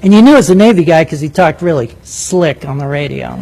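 Animated older male storyteller, high voice. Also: vocal fry, background noise. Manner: animated, vivid storyteller with quick asides. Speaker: former military pilot and speaker. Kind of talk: live storytelling talk to an audience.

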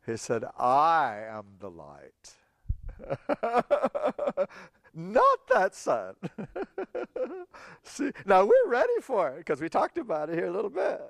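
A man preaching a sermon, telling a Bible story with animated voices for the people in it and laughing often. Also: high-pitched, slow pace, creaky, pauses often, no echo, studio quality.

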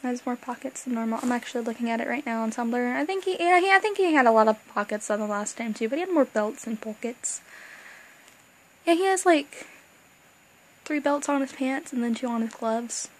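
Young woman fangirling into her cam, kinda high voice, rambly and gushy, gets all excited. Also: brisk, slight background noise, rough recording. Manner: gushing, rambling, with bursts of excitement and asides. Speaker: fan vlogger. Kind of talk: excited casual fan chat.

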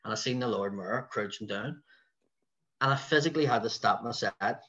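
A man's voice: lowish voice, moderate pace, highs cut off. A man with a Belfast accent, a stand-up comedian telling anecdotes in a casual way and acting out other people's voices. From West Belfast, Northern Ireland. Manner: animated storyteller who acts out the voices of other people.

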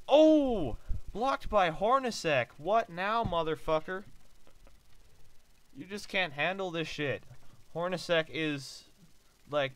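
A man giving casual commentary on a basketball video game he is playing, joking, swearing and breaking into loud outbursts. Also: mid-range voice, clear, resonant tone, low-quality recording. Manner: excitable, joking and profane, with sudden loud outbursts. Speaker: let's play gamer.

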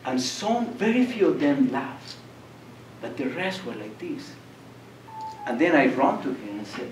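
Older man lecturing in a hall, animated storyteller; distant, roomy recording with light hiss. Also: medium pitch, unhurried. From Colombia. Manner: animated storyteller, acts out voices and laughs. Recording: echoey room, distant mic, faint noise.

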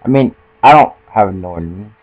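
With a lowish voice, lively intonation, and normal speed, this young gamer jokes casually as he plays, making fun of himself and tripping over words. The sound is lo-fi.

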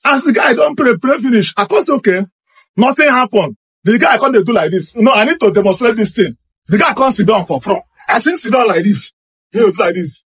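Husky Nigerian man telling a story. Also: sits high, brisk. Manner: excited, repetitive, acts out what happened. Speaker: storyteller recounting a personal experience. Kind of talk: animated first-person storytelling.

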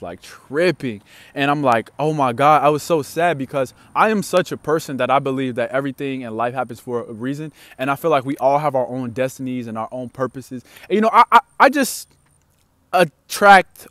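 A man's voice: mid-range voice, no room sound. Young man telling a slangy story. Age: young adult. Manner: animated, slangy storytelling with many fillers and swings in loudness. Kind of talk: casual storytime.

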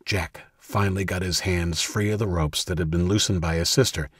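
A man reads an audiobook in a steady, measured way. His voice sits low with a husky grain. The recording is close and dry, with no room sound. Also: no room sound. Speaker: audiobook narrator. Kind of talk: scripted audiobook narration.

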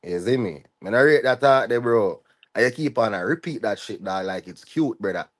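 Heated vlogger with a Jamaican patois accent. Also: male voice, fairly low pitch, lively intonation, normal speed. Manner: heated, repeating tag phrases like "you see me" and "dog". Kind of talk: ranting vlog commentary.

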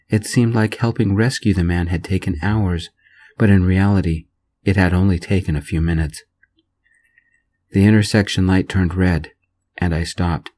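A man telling a story in a gentle, soft-spoken reading voice. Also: low-pitched.

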